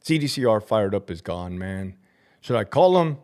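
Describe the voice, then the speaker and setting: A man ranting on his live stream, cursing hard and swinging between loud outbursts and low muttering. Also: big pitch swings, moderate pace. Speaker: livestreamer and prison officer. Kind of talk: profane live-stream rant.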